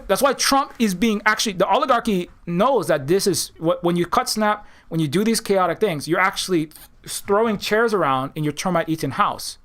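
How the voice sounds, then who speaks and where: A man's voice: high voice, a bit bright. A man hosting his own channel, giving a rambling, heated political monologue with many restarts and mocking impressions. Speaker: political commentator, channel host.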